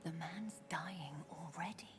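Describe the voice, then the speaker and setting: An actress voicing a secretive aristocratic woman informant who speaks in a hushed, conspiratorial whisper. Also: lowish voice, a little slow, lightly acted. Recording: game audio with noise.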